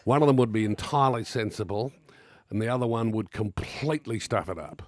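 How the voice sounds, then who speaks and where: A man's voice: lowish voice, a little fast, no room sound, studio quality. A middle-aged Australian man co-hosting a radio show, telling stories in casual banter with a laugh. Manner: animated storytelling with laughs. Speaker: radio co-host. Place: radio studio.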